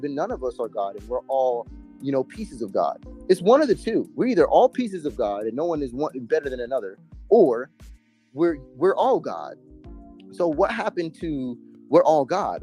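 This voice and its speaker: Mellow-voiced man, emphatic street talk. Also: fairly high pitch. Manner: emphatic, profane, street slang. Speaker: interview guest. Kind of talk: casual storytelling interview.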